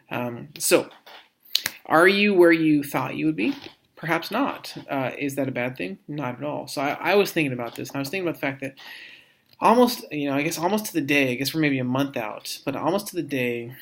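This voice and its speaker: A man giving a recorded course lecture as an instructor. He speaks reflectively, restarts often and repeats words as he works out his thoughts. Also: mid-range voice. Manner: reflective, halting, frequent restarts and repetitions.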